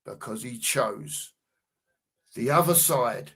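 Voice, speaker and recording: Slow-talking man co-hosting a watchalong. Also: medium pitch, vocal fry, a bit bright, husky. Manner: banter-filled, drawn-out emphasis on goal calls. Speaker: co-host of a live football watchalong. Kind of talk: casual live commentary and reading chat messages.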